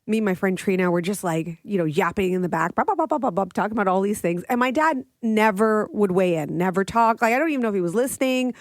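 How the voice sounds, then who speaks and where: Woman, radio co-host, lively storytelling, dry close studio mic. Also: mid-range voice, quick pace, hardly any pauses, no room sound. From Canada. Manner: animated storytelling, laughs often. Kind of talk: casual radio chat.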